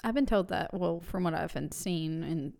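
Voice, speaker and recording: A young woman with a Southern country accent co-hosting a podcast, relaxed and teasing in casual chat. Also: lowish voice, moderate pace, creaky. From American South. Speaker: podcast co-host.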